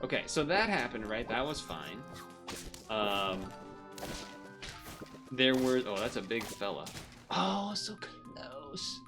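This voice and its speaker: A man's voice: on the low side, animated, unhurried, pauses often, over music. A man streaming a game, chatting casually and rambling between moves, often laughing. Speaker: gaming streamer. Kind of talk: casual commentary while playing.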